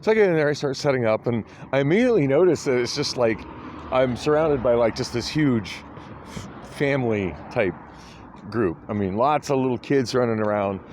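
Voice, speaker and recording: A man's voice: mid-range voice, animated, normal speed, darkish tone, slight background noise. A tired, groggy middle-aged man rambling through a casual vlog, hesitant and full of ums and restarts. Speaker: vlogger.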